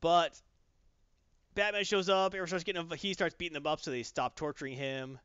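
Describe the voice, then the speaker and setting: A man in casual chat, animatedly retelling a comic plot and slipping into quick character voices. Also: a little high, fairly bright tone, clear, resonant tone, no echo, highs cut off.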